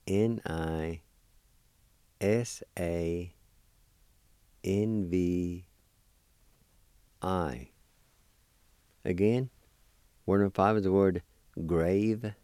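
A man teaching a language lesson, spelling words letter by letter and repeating each pronunciation slowly. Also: deep voice, mellow, clean tone, no room sound.

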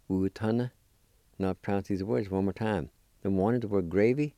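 A man teaching a language lesson, spelling and pronouncing words syllable by syllable in a deliberate, patient way. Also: on the low side, warm tone, no room sound, studio quality.

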